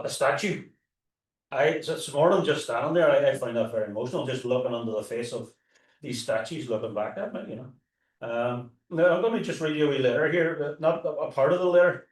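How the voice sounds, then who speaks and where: A man with a Derry accent, a tour guide and historian, talking informally to a live audience, with frequent restarts and asides. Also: mid-range voice. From Northern Ireland. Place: forum hall. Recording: roomy hall, mic at a distance.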